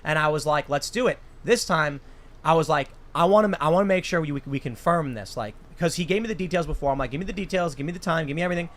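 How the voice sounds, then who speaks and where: A man's voice: on the high side, fast talker, fairly bright tone. A young man hosting a casual chat, telling a rambling story full of restarts. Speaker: host.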